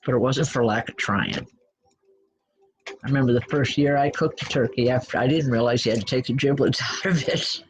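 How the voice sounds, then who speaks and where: A woman's voice: very deep voice, moderate pace, rough recording. A woman medium giving spiritual readings to an audience, chatty and blunt, with self-deprecating asides. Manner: blunt, direct.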